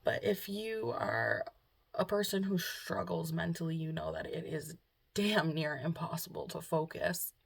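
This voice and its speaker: A young woman with a low, gravelly voice talks softly and hesitantly at home, filling her pauses with ums. She sounds emotional and close to tears. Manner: soft, hesitant, full of ums and trailing off. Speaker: vlogger. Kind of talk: casual confessional vlog talk. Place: at home, indoors.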